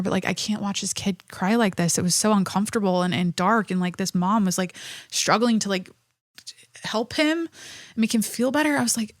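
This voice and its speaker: A young woman holds forth alone on her podcast, swearing freely and breaking off mid-sentence as the next thought takes over. Her voice sits at an ordinary middle pitch, and the sound is close and dry, with no room around it. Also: moderate pace, no echo. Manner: animated, profane ranting with self-interruptions. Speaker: podcast host. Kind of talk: solo podcast monologue.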